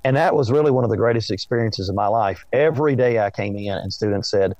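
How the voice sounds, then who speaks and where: A man with an Appalachian Southern accent, a history teacher speaking as a podcast guest in a slow, melodic storytelling way. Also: fairly low pitch, darkish tone, dry recording, muffled recording. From East Tennessee. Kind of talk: casual interview chat.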